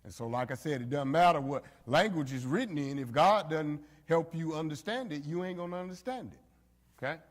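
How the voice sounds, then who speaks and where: A man's voice: a little high, fairly quick. A man leading an informal Bible study, talking conversationally to the group with frequent fillers and direct asides. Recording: reverberant hall.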